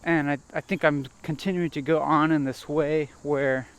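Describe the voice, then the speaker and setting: A man vlogging as he walks a nature trail, thinking aloud in a halting, hesitant way and repeating words. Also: on the high side, fairly even intonation, smooth. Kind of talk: rambling self-reflective monologue while walking. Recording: faint outdoor noise.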